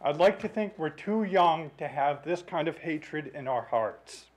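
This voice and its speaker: A man's voice: on the high side, lively intonation, a little slow, rough recording. Earnest man reading a letter. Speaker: resident speaking at public comment. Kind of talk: reading a prepared letter aloud. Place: city council chamber.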